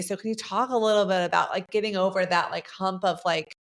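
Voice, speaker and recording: A woman's voice: mid-range voice, steady tone, fast talker. A woman co-hosting a podcast, asking reflective, rambling questions in a casual chat. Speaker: podcast co-host.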